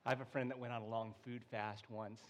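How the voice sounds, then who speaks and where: A pastor preaching a sermon in a relaxed way, with joking asides, slowing down for emphasis. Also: male voice, mid-range voice, a little hiss or hum.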